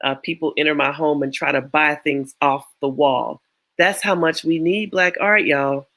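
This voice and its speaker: A woman's voice: deep voice, fairly even intonation, moderate pace, fairly bright tone. A woman hosting a casual panel chat over a video call, playful and joking, often laughing. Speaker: host.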